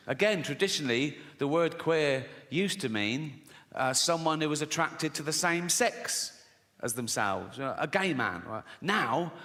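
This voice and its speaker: Sardonic comedian. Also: male voice, a little high. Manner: sardonic, profane, frequently laughing. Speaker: stand-up comedian. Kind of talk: stand-up comedy. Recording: reverberant live venue, loud ambience.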